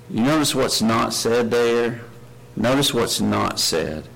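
A man's voice: mid-range voice, lively intonation, slow, vocal fry, fairly bright tone, low-quality recording. An earnest man preaches a sermon, reading scripture aloud with rising emphasis. He keeps turning to his listeners with questions. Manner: earnest, asks the congregation many questions.

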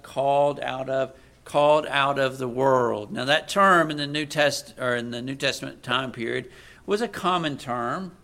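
A man preaching a sermon, moving from quiet asides to loud, emphatic readings of scripture. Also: mid-range voice, unhurried, vocal fry.

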